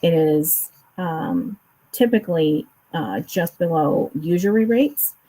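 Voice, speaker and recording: Husky low-voiced woman explaining finance. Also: slow, dark tone, low-quality recording. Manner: explains finance at length with many restarts and fillers. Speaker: co-host discussing a court case. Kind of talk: casual chat over a remote call.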